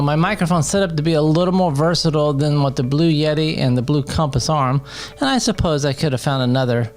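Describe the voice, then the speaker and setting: A man giving a casual product demo at his home desk, explaining while he handles the gear, with frequent ums and uhs. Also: on the high side. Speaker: gear reviewer and teacher.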